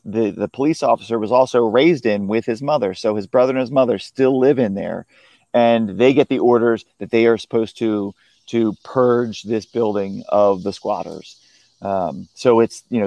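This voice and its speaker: A man, a film critic, chatting casually about a film he saw, often pausing and restarting his sentences. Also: medium pitch, mellow, no room sound. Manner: hesitant, full of restarts and "you know". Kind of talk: casual film review chat.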